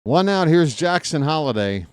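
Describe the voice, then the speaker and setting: A man's voice: a little high, very animated, normal speed, clear, resonant tone, no echo, clean studio sound. A man doing live fan play-by-play of a baseball game, chatty and joking, openly rooting for his team.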